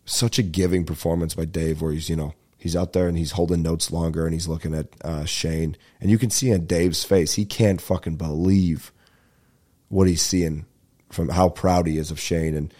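A man hosting a podcast, rambling casually and excitedly with lots of swearing, his voice stuffed up and nasal. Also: sits low, moderate pace. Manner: profane, excitable, breaks into bits of singing. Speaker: podcast host.

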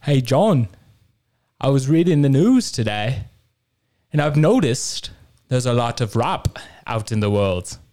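A man's voice: medium pitch, very animated, a little mellow. A man doing a wobbly British rock-star voice. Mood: mock-chatty. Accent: put-on British. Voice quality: halting, keeps breaking off the impression. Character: man doing a shaky impression of a famous British musician.

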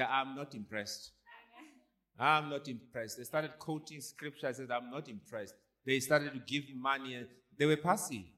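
A medium-pitched, slightly bright male voice. As pastor, he preaches in call-and-response style, pushing the congregation with repeated rhetorical questions like "are you hearing me."

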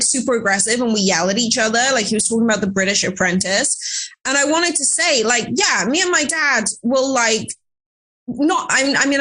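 A woman's voice: on the high side, fairly bright tone, low-quality recording. A woman from Wales, a guest in casual podcast chat, who swears freely and acts out the people she quotes.

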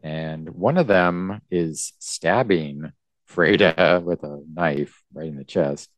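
A man co-hosting a comics podcast, recapping the story casually in a rambling, hesitant way. His voice is deep and his pace unhurried. The sound is dry and close. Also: no echo. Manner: rambling, hesitant, with fillers and restarts. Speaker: podcast co-host.

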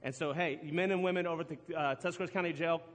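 A middle-aged man preaches from the stage. His voice sits high, and the church hall rings with long reverb. He talks loosely and laughs at himself, often stumbling and starting sentences over. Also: fairly even intonation, fast, a bit bright. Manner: chatty, self-deprecating, laughs often, restarts a lot. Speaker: pastor. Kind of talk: sermon with storytelling. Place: church auditorium.

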